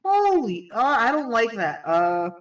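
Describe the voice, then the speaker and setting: A man's voice: high-pitched, a little slow, fairly bright tone, distant mic, low-quality recording. A man playing a tabletop game, joking and swearing freely in casual chat. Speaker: player.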